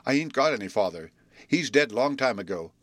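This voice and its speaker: A man's voice: medium pitch, expressive, a little fast, dry recording, close to an everyday voice. A man voicing a frightened, barefoot boy of about ten who pleads in a trembling voice. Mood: pleading.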